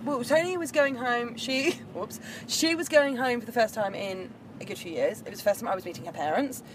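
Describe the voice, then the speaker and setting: A woman's voice: fairly high pitch, brisk. Woman, co-host, casual chat, chatty storyteller, giggly, inside a car, faint background noise. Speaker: podcast co-host.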